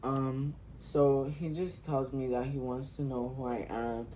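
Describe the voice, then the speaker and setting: A man's voice: medium pitch, flat delivery, unhurried, mellow, slight background noise. A teenage man from California, telling a rambling story full of profanity while doing his makeup on camera. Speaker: vlogger.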